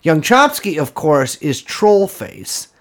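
A man's voice: fairly high pitch, sing-song, slow. A man co-hosting a comedy podcast, rambling through mock-earnest jokes and banter. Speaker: podcast co-host.

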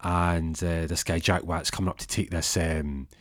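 A man's voice: deep voice, level tone, moderate pace, dry recording, clean studio sound. A man telling a comic story in a casual, rambling way with lots of restarts.

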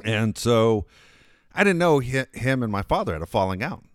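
A man's voice: medium pitch, sing-song, normal speed, dry recording, studio quality. A man in casual chat, telling a long, profane family anecdote in a rambling way.

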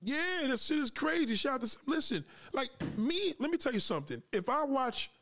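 A man's voice: extremely high pitch, big pitch swings, moderate pace, fairly bright tone. Fired-up, cursing man on a podcast. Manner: confrontational, profane, lecturing; asks listeners to push back. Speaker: podcast host. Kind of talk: livestream podcast rant.

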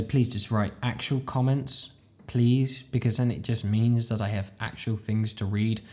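Solo podcast host, rambling and self-deprecating, tired late-night chat, close home mic. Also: a little mellow. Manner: rambling, self-deprecating, jumps into squeaky high voices for inner thoughts. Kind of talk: casual solo monologue.

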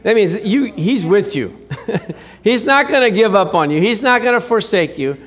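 Middle-aged pastor guy preaching, kinda high voice, jokes around then gets loud and emphatic. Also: animated, moderate pace. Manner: chatty, joking with the congregation. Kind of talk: sermon.

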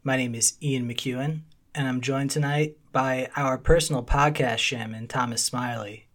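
A man's voice: mid-range voice, moderate pace. Laid-back male podcast host. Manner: relaxed, laughs along, brief reactions. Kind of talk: casual podcast chat.

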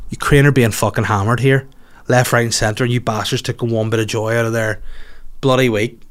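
A man's voice: mid-range voice, fairly even intonation, a little fast. A man in his forties with a Northern Irish accent, hosting a solo podcast in rambling, sweary, self-mocking casual chat. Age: 40s. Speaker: podcast host.

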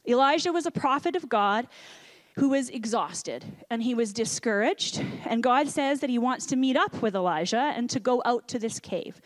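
High-voiced woman pastor preaching. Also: expressive, normal speed. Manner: earnest, drops to a soft hush for quoted lines. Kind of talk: sermon.

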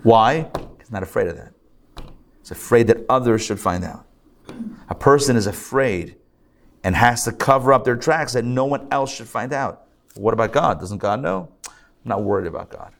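A man, a rabbi, teaching a live class in a conversational, lively way, asking rhetorical questions and adding asides. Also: mid-range voice, moderate pace, vocal fry. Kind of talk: live lecture to a group. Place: live class in a synagogue learning center.

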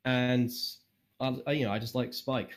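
A man's voice: mid-range voice, steady tone, moderate pace. A young man chatting as a podcast guest, rambling and swearing freely, with self-deprecating jokes. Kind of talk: casual interview chat.

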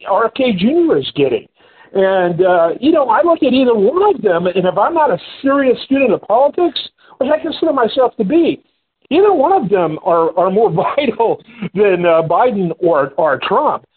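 A high-voiced, husky man hosts a radio talk show and chats with his guest. He tells his stories in an animated way and talks right through his fillers. The sound is thin and phone-like. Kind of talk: casual on-air chat.

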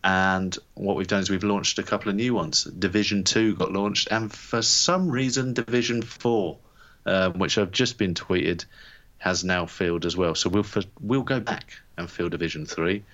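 Deep-voiced man, relaxed podcast co-host. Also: normal speed, highs cut off. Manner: relaxed, rambling with fillers. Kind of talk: casual chat.

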